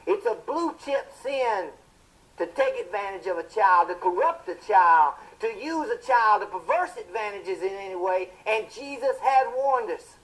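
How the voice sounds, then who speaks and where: An actor playing a fiery male television preacher, delivering a sermon in a booming, impassioned style with drawn-out emphatic phrases. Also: expressive, fairly bright tone, poor audio.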